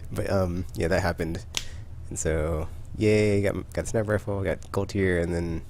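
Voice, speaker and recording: A man's voice: sits low, fairly even intonation, measured pace, darkish tone. A man hosting a podcast, telling rambling stories in casual chat with lots of fillers. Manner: rambling, filler-heavy storytelling. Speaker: podcast host.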